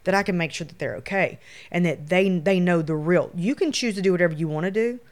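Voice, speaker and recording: Woman, Louisiana Southern accent, slightly low voice, emphatic, animated, casual podcast guest. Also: fast. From Shreveport, Louisiana, US. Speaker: guest, photographer.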